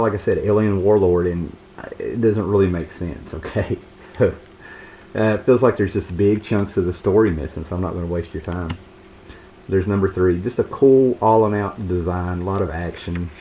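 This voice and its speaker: A man with a deep, low voice chats loosely about his comic collection, stopping and restarting his sentences. The recording is dull and lo-fi, with a faint hiss underneath. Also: a little mellow. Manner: rambling, laid-back, lots of fillers and restarts. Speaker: comic book video host. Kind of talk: casual show-and-tell review.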